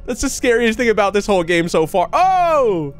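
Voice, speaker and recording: A young man giving excitable, laughing commentary while playing a horror video game. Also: high voice, fast talker, faint music behind. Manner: excitable, laughing, talks to himself and the viewers. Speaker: gaming YouTuber.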